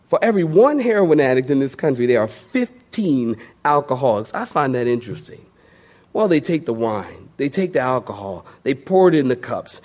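A man preaching a sermon in a church as pastor, animated and jokey, moving between low, careful scripture reading and excited storytelling.

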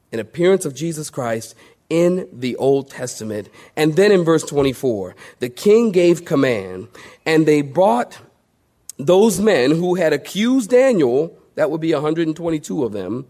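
A male pastor preaching a sermon to a congregation, swinging between loud emphatic highs and hushed lows and calling for amens. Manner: call-and-response with the congregation.

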